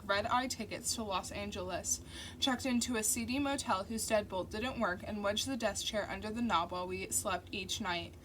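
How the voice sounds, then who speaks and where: A woman narrating a novel as an audiobook in first person, with steady, intimate storytelling. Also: medium pitch. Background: faint construction noise.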